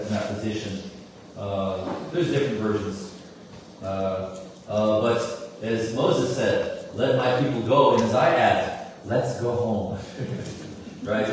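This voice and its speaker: Animated storyteller in an echoey hall. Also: male voice, medium pitch. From United States. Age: 40s. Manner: animated storyteller with frequent fillers and asides. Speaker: musician giving a talk. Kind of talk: storytelling talk to an audience. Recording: echoey hall, mic at a distance, faint room noise.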